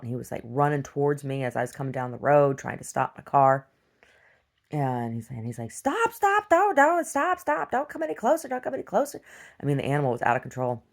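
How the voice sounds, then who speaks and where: A woman telling meandering stories in a casual video diary, halting and full of restarts. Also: a bass voice, gravelly. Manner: halting, full of restarts and "like", shouts when acting out quotes. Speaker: video diarist. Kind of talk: rambling casual storytelling.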